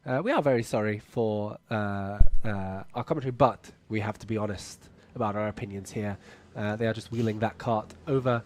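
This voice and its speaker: A man's voice: lowish voice, a little fast, few pauses. A man giving live motorsport commentary in a polite, wry manner as he wraps up his shift. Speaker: race commentator. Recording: faint ambient noise.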